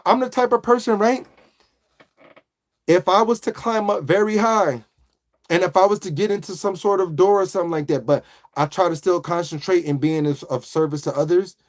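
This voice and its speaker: A man hosting a casual live stream, giving repetitive motivational talk to viewers. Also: sits high. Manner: motivational, preachy, repeats phrases. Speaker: livestream host.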